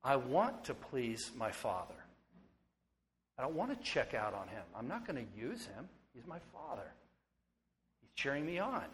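A middle-aged pastor delivers his sermon, his voice sinking hushed and tender, then lifting loud and excited. His words ring out in a long reverb across the sanctuary. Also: mid-range voice, normal speed, pauses often, slight background noise. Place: church sanctuary.

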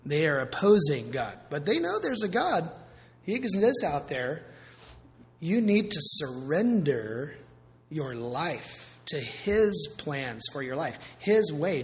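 Pastor, male, lively conversational sermon delivery; voice a touch high, church-hall reverb. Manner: conversational, animated preaching with asides.

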